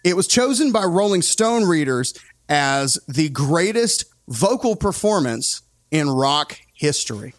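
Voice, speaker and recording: A man hosting a casual music podcast. He talks in an opinionated, animated way and often breaks off his own sentences. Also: on the high side, a little slow, no echo. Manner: opinionated, animated, self-interrupting. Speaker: podcast host.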